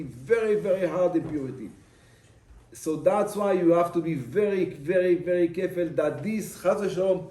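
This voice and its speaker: A man's voice: a little high, dark tone. A man who is a rabbi, giving an emphatic, repetitive sermon in English and mixing in terms. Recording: echoey room.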